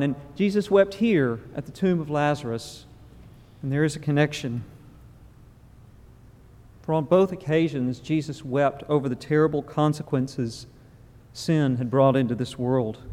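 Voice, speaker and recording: A man preaching a funeral sermon in a church, solemn and measured, with slow pauses. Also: medium pitch, warm tone. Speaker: pastor. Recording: long reverb of a large hall.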